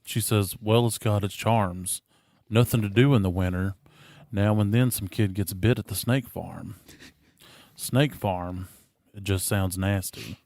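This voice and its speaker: Slow, low-voiced man reading deadpan. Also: no room sound. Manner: dry, giggling between lines. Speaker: podcast co-host. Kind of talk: casual chat and mock-serious poem reading.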